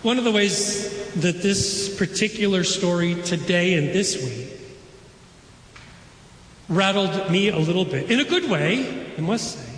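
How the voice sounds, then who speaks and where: A pastor preaching a sermon, conversational, with playful asides to the congregation. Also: male voice, high voice, fairly bright tone, slight background noise. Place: church sanctuary. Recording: echoey sanctuary, long reverb.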